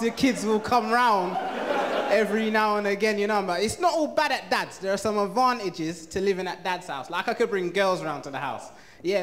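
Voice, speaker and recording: A man doing an animated stand-up set, telling stories about his family, on a noisy live stage recording. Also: high voice. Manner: animated, storytelling. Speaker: stand-up comedian.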